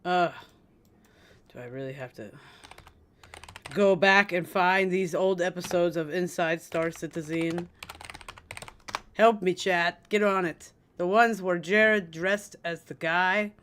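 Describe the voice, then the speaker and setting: Slow, chatty game streamer. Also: mid-range voice, fairly bright tone, slight background noise. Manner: chatty, talks to chat, hums while searching. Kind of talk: casual live-stream chat.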